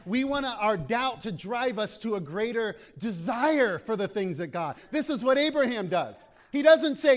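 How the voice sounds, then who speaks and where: Male pastor, impassioned sermon delivery, high voice, big swings in pitch. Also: animated, unhurried, hardly any pauses. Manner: impassioned preaching, voices prayers aloud.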